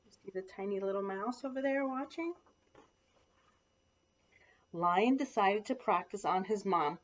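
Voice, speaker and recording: A woman librarian reading picture books aloud at storytime, expressive and asking the children questions. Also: medium pitch, a little slow, long pauses. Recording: lo-fi dull sound.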